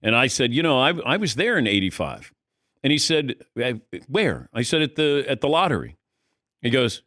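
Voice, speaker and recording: Middle-aged male sports talk host, animated storyteller with a wide-ranging voice; close, dry studio sound. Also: medium pitch, moderate pace, no room sound. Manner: animated storyteller, acts out quotes, laughs mid-sentence. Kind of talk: casual studio chat. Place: radio studio.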